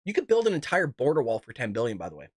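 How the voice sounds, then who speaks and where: A man's voice: mid-range voice, wildly swooping pitch, very fast, no room sound, clean studio sound. A man hosting a casual political commentary show, ranting, swearing and laughing often. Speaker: podcast host.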